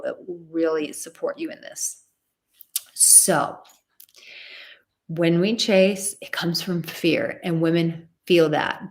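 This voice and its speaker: A woman coaching on dating in a live stream, emphatic and repeating words for stress, acting out bits of dialogue. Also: low voice. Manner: acts out quoted dialogue.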